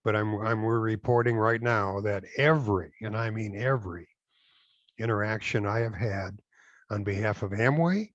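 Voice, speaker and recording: An older man with a low voice, a direct selling compliance consultant, answers interview questions in a measured, halting way full of fillers and restarts. The recording is dry and close, though slightly dull and lo-fi.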